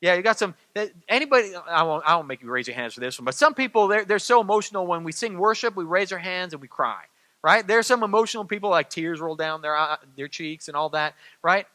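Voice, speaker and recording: A middle-aged man preaches a sermon in a conversational, repeating style, often turning to the congregation for agreement. His voice sits high and sounds bright and forward. The sound is dry and close, with little room around it. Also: expressive, fast talker, no echo. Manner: conversational, repeats phrases, asks "right?" of the crowd. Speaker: pastor.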